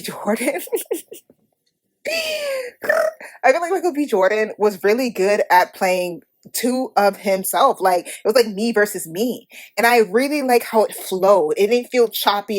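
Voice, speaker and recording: A Haitian-American woman hosting a podcast, giving a blunt, profane, animated movie review in casual talk. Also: mid-range voice. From United States. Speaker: podcast host.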